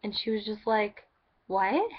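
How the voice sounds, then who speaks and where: A woman's voice: mid-range voice, little pitch movement, normal speed, dull audio. A woman telling a story in a casual vlog, rambling with lots of "like" and restarts. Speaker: vlogger.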